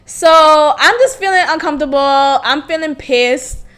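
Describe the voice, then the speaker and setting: A woman's voice: high-pitched, measured pace, fairly bright tone. A young woman hosting a podcast, telling a candid story in a blunt, profane way and laughing often. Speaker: podcast host.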